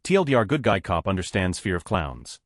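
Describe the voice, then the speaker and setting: A man reading Reddit stories aloud as a narrator, in a brisk, steady read-aloud delivery. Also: low voice, no echo, studio quality. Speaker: story narrator.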